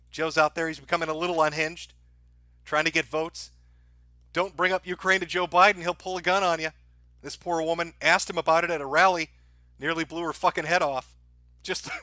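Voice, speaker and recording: A man's voice: a little high, sharp tone, dry recording, studio quality. A man hosting a live stream, ranting sarcastically and profanely to his chat, often breaking into laughter.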